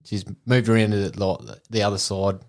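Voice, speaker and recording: Casting: Australian man, lowish voice, crude storyteller, laughs often. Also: flat delivery, normal speed. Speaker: podcast co-host. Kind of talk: casual storytelling.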